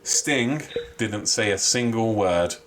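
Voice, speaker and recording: Animated, sweary man, bright voice. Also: lowish voice, slow, slight background noise. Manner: animated, sweary, exasperated ranting. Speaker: podcast co-host. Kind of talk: casual chat.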